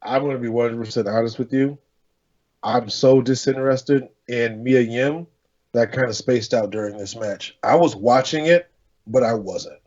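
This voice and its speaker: A man co-hosting a casual wrestling podcast, giving frank, measured opinions. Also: medium pitch, a little mellow, lo-fi sound. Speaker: podcast co-host.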